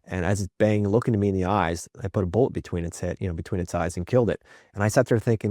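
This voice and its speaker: A man who is a podcast guest and a father, telling candid stories in conversation. He is reflective, often checks in with "right?", and acts out the quotes in his stories with lively energy. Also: sits low, quick pace, no echo, clean studio sound.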